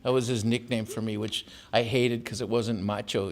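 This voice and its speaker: A man's voice: mid-range voice, steady tone, moderate pace, hardly any pauses. An older man from Tijuana and San Diego giving a talk as an author, telling wry family stories and laughing at his own jokes in a campus auditorium. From born in Tijuana, raised in San Diego. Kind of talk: storytelling lecture.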